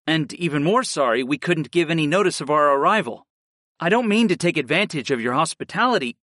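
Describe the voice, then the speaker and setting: A man narrates a first-person story as an audiobook, his delivery expressive and full of movement in pitch. His voice sits slightly high for a man, recorded close and dry. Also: brisk, no echo. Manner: lively, expressive reading.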